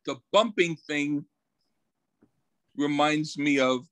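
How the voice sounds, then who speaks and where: A man's voice: fairly high pitch, a bit bright, no room sound, poor audio. A man co-hosting a casual podcast, telling anecdotes and laughing at them. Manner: unhurried storytelling, laughing at his own anecdotes. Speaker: podcast co-host. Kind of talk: casual chat.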